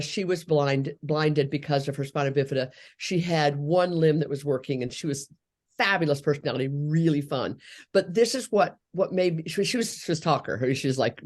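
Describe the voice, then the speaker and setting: A woman in her sixties, a speech therapist, telling a long personal story in an interview, acting out the people she quotes. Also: low-pitched. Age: 60s. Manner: earnest, animated storytelling with quoted voices.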